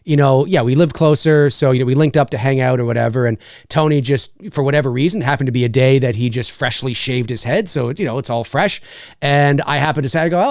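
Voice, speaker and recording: A man's voice: medium pitch, fast, no echo, clean studio sound. A man co-hosting a podcast in casual chat, ranting with lots of swearing and exasperation. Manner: animated, swearing, exasperated rants. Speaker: podcast co-host.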